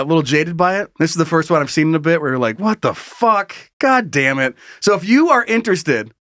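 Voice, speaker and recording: A man's voice: medium pitch, a bit bright, no room sound, clean studio sound. A man co-hosting a casual comedy podcast, crude and swearing freely with mock exasperation. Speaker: podcast co-host.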